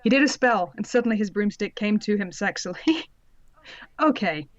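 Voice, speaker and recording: A woman's voice: medium pitch, animated, normal speed. A woman narrating a comedic reading with sardonic asides and laughter. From Britain. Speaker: podcast co-host and narrator of the reading. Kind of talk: comedic dramatic reading with commentary. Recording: slightly dull lo-fi audio.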